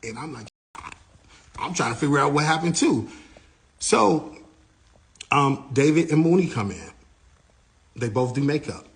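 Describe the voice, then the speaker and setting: A man's voice: on the high side, a little slow, pauses often. A man, a tour manager, recounting an incident and acting out what each person said. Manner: animated retelling, acting out others' lines.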